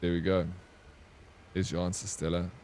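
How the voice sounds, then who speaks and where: Male streamer, lower register, playful teasing banter while he answers his chat. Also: flat delivery, moderate pace, darkish tone, slight background noise. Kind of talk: livestream chat with viewers.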